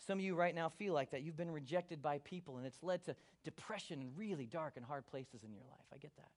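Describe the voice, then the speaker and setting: High-voiced impassioned preacher man. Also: quick pace. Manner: impassioned, swings from hushed to loud, acts out quotes. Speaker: pastor. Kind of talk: sermon.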